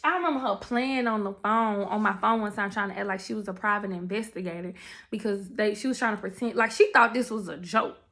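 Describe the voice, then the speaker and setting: A young woman telling her testimony in casual, animated storytelling, talking straight to her viewers. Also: mid-range voice, brisk. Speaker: testimony speaker.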